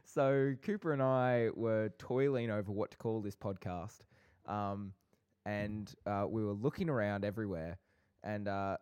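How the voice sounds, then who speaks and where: A man's voice: fairly low pitch, fairly even intonation, a little slow, a little mellow, smooth. A young man co-hosting a casual podcast with his brother, bantering playfully with light sarcasm. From Australia. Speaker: podcast co-host.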